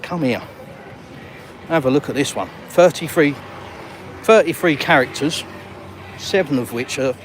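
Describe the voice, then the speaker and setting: An Englishman with a medium-pitched voice vlogs while walking down an urban seafront street, filming on his phone, with a little hiss or hum in the audio. His walk-and-talk chat to viewers is cheeky, bantering and full of slang.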